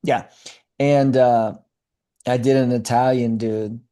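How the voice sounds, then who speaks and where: Middle-aged male actor and coach, casual interview talk, mellow low-key timbre, animated delivery. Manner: animated, talks fast with many fillers and restarts.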